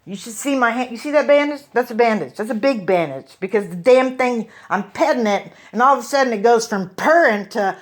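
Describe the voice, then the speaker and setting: A woman tells a stand-up comedy story, and her pitch jumps up and down. She drops in profane, deadpan asides between the beats. Her voice sits a little higher than most. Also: brisk, hardly any pauses.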